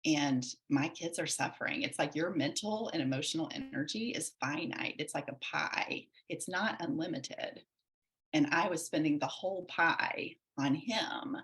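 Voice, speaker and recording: A woman in her forties with a low, deep-set voice tells her own story as a podcast guest. She speaks in an earnest, reflective way, with loose run-on sentences. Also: measured pace, fairly bright tone. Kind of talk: candid personal storytelling.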